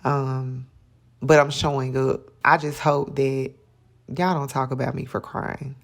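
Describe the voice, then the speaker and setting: A woman's voice: a bass voice, gravelly. A woman telling her own story to camera in a candid, chatty way, with lots of ums and likes. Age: adult mother. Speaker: vlogger. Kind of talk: casual personal storytelling to camera.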